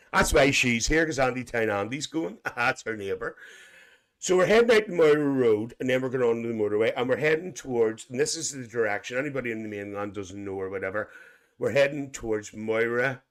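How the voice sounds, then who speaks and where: A Northern Irish man hosts a casual live stream, reading out viewers' comments and spinning a loose, joking story for them. He talks in a chatty, teasing way and slips a chuckle in every few lines. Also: mid-range voice. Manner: chuckles often between lines. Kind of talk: casual live chat, imagined coach trip.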